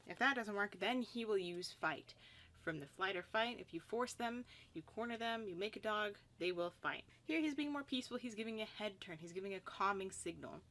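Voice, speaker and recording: Female dog trainer, calm teaching voice-over, mid-pitched, voices the dog's thoughts in asides. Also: normal speed. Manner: explains calmly, voicing the dog's thoughts in quotes. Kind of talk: instructional voice-over over slides.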